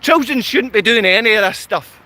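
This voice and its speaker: A man's voice: sits high, fairly quick, bright, forceful tone. A man with a Scottish accent, talking straight to his viewers in an intense, combative rant that keeps repeating its points. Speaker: channel host. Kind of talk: ranting live talk to viewers.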